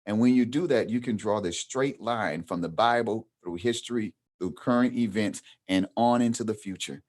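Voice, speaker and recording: A man's voice: lowish voice, moderate pace, darkish tone. A middle-aged man leading a training workshop, talking in a loose conversational way with frequent ums and restarts. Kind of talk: casual workshop teaching.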